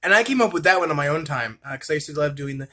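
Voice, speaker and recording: Male vlogger, a bit high-pitched, rambling casual chat, self-mocking, drills tongue twisters. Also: lively intonation, rapid-fire, bright, forceful tone. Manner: rambling, chatty, laughs at himself, repeats tongue twisters.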